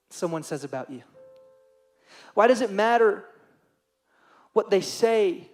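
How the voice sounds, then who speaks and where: A young man preaching a sermon to teenagers as youth pastor, earnest and emotional, repeating phrases for emphasis. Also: high voice.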